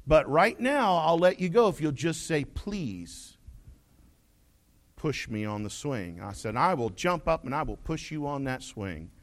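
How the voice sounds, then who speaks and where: A man's voice: on the high side, normal speed, hardly any pauses. A man preaching a sermon, telling a folksy story and acting out the voices in it. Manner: folksy, animated, acts out quoted voices. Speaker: pastor.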